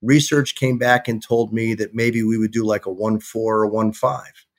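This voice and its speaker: A middle-aged man, a guest on a podcast, telling a lively anecdote and acting out the dialogue of the people in it. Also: lowish voice, normal speed. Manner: animated anecdote-telling, acts out quoted dialogue. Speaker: sports television executive, guest. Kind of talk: casual storytelling in a podcast interview.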